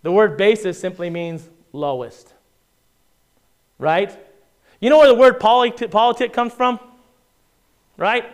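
A man delivers a sermon in a conversational way, weaving in scripture readings and frequent check-ins with his listeners. His voice is smooth and resonant. It sits a little higher than most men's. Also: unhurried, long pauses. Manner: conversational preaching with frequent "right?" asides and restarts; reads scripture aloud in King James style. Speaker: pastor.

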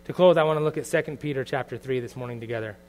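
A middle-aged man preaching a sermon as pastor, earnest and confessional, moving from quiet reflection to loud bursts. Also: mid-range voice, very fast, slight background noise.

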